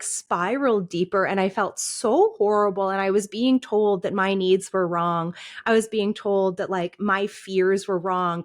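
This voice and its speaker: A woman in her thirties, a podcast guest, candidly recounting a painful personal experience, often laughing through it and restarting her sentences. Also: medium pitch.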